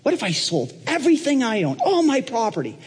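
Brash rich braggart, high and shouty, in a reverberant hall; a pastor does the voice. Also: male voice, big pitch swings, measured pace, full character voice. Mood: boastful eager. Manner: shouting, bragging, talks over others. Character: brash boastful rich man, eager and excitable.

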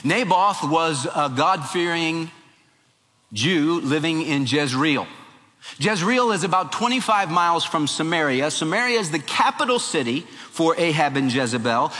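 A male preacher tells scripture as a folksy, animated story. His voice is bright and forceful, pitched a little high. A long hall echo follows each phrase. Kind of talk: sermon.

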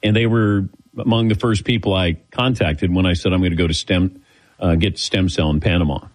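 In a rough recording, a show host speaks in a low, steady voice at a fairly quick pace. He spins a long, meandering story in a relaxed way, imitating the voices of those he quotes.

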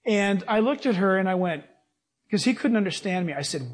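Animated high-voiced male preacher. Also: normal speed. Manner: animated, acts out voices in his stories. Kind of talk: sermon with personal stories.

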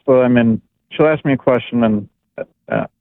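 A man calling in to a radio advice show, hesitant and halting as he explains. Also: mid-range voice, gravelly, no room sound. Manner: hesitant, halting, laughs nervously. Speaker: caller. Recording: tinny phone line.

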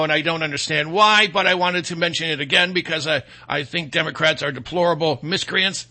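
A man's voice: high voice, bright, forceful tone. A middle-aged man hosting a political commentary monologue, sarcastic and mocking, rambling with fillers and restarts.

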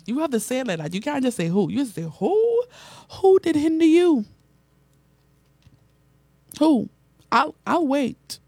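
Animated woman preaching, mellow and dry. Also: fairly high pitch, no room sound. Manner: animated preaching, repeats phrases, reads out comments. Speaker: radio and online preacher host. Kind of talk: sermon.

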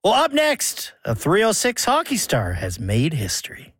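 A male radio host with a fairly high, lively, animated voice. He asks questions in a friendly, conversational way and now and then stumbles over a word. The sound is dry and close, with no room around it. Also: normal speed, husky, no echo. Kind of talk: radio interview.

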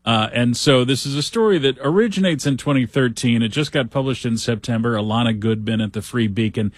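A man's voice: medium pitch, brisk, no echo, studio quality. A man hosting a talk show, reading news stories aloud with wry, sarcastic asides in a casual commentary style.

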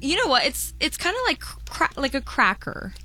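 A woman guest in casual chat, giggly and halting as she describes things, a bit away from the microphone. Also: high voice, very animated, bright, forceful tone. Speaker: guest on the show.

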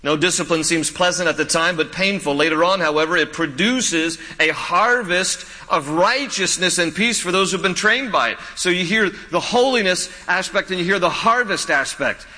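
A male pastor delivers a sermon in a high, bright voice. He mixes teaching with animated personal anecdotes and self-deprecating jokes. The sound carries the long reverb of a large hall. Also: normal speed, few pauses.

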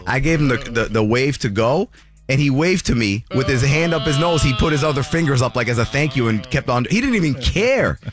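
A man's voice: mid-range voice, brisk, over music. A man hosting a morning radio call-in show from a studio, teasing callers and joking boastfully about himself.

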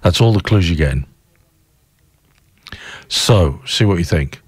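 A man's voice: deep voice, lively intonation, measured pace, pauses often, breathy edge, no room sound, studio quality. A man hosting a breakfast radio show, chatty and enthusiastic, rambling as he reads poems. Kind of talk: casual radio chat and poem reading.

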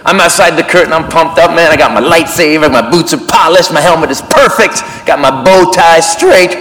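A man doing stand-up storytelling on a club stage, animated and acting out characters, shouting punchlines. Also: a little high, fairly quick, reverberant, soft background music, poor audio. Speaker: stand-up comedian. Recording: live club with loud crowd laughter. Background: audience laughter.

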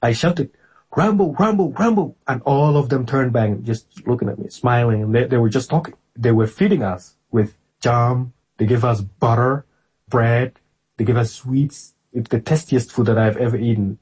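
Husky-voiced man telling his story. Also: mid-range voice, normal speed. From Somalia. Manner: animated, emphatic storytelling. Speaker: documentary interviewee. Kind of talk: personal recollection.

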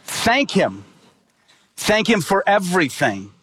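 High-voiced man preaching a sermon. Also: sing-song, takes it slowly, fairly bright tone, husky. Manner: earnest, emphatic preaching with rhetorical questions. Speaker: pastor.

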